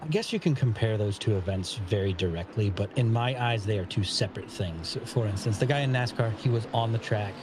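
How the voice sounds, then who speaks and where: A laid-back American man with a lowish voice co-commentates on a sim race, weighing up driver choices and laughing often. Steady noise from the game runs under him. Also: a little fast, hardly any pauses. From United States. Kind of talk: casual live sim racing commentary.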